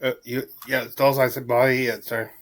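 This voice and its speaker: A man narrating and explaining a tabletop game recap, a bit halting. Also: mid-range voice, level tone, a bit bright. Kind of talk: recap commentary.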